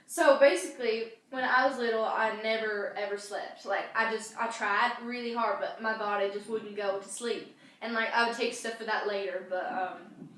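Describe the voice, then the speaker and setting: A woman's voice: fairly high pitch, a bit bright. A young woman casually telling a story, rambling with many fillers and restarts. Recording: very echoey room, far from mic, faint noise.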